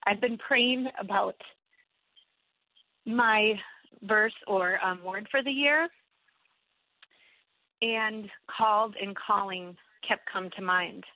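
A woman's voice: mid-range voice, takes it slowly, pauses often, dry recording. Emotional woman caller on a phone line. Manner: emotional, grateful, rambling. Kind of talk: call-in radio talk show. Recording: telephone line.

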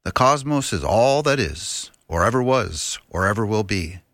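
Casting: man impersonating a reverent, low-voiced astronomer, slow and solemn, dry studio sound. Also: animated, fairly bright tone, no room sound. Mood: awed. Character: impression of a famous male astronomer, awed and hushed. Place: radio studio.

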